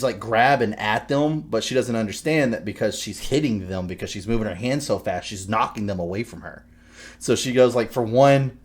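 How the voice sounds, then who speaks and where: A young man telling stories in casual podcast chat, swearing often and laughing loudly. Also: medium pitch. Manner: profane, animated storytelling. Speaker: podcast co-host.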